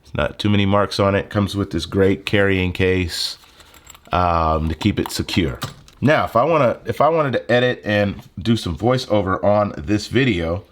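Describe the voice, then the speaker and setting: A man's voice: fairly low pitch, normal speed. A young man casually explaining a phone video-editing setup and a plug-in mic, with lots of fillers. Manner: relaxed, conversational, lots of fillers. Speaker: tech video creator. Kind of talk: casual gear tutorial. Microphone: handheld phone mic.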